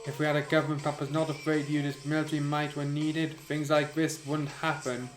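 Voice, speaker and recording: A man's voice: a little high, flat delivery, brisk, natural voice. A man reading the speech of a blustering male militia leader in a story. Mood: rousing. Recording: echoey room, music behind.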